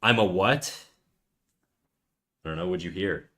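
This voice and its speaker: A young man draws on a live stream, chatting casually with viewers and trailing off quietly as he concentrates. His voice sits low and he speaks a little slowly.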